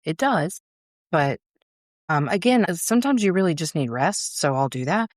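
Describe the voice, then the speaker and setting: A woman's voice: on the low side, sing-song, normal speed, no echo, studio quality. A woman hosting a solo podcast, talking casually and frankly, swearing freely and acting out her inner voice in little quoted asides. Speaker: podcast host.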